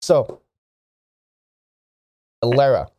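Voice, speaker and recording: A male game master narrating a tabletop game slowly, in a measured, descriptive way. His voice is mellow and low-toned, recorded close and dry. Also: sing-song, no echo.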